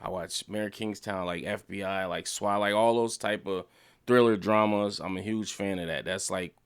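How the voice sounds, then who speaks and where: A young man casually reviewing a TV show, excited and profane, his pitch jumping up when he gets worked up. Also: moderate pace, clean tone.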